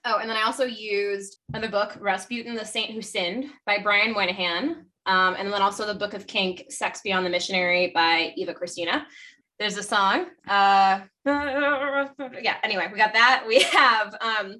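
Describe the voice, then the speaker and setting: A woman's voice: medium pitch, steady tone, moderate pace, bright, forceful tone, far from the mic. A woman co-hosting a podcast in casual chat, presenting her research in a rambling, chatty way with frequent self-corrections.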